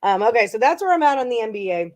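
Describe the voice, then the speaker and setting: A woman's voice: fairly high pitch, very animated, fast talker, a little mellow. A woman hosting a casual sports betting livestream, chatting in a rambling way with frequent ums and laughs. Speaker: sports betting show host.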